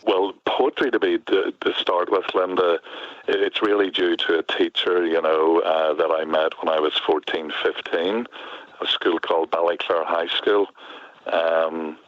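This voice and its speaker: Deep-voiced Northern Irish man, chatty. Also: level tone, measured pace, dry recording, highs cut off. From Northern Ireland. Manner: warm, chatty, lots of "you know" and laughs. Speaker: guest poet. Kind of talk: relaxed conversational interview.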